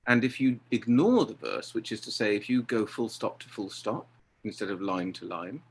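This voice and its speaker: A middle-aged man talking about directing, lively and acting out exchanges he quotes. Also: lowish voice, normal speed, gravelly, husky. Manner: animated, acts out quoted exchanges. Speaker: theatre director. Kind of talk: conversational interview.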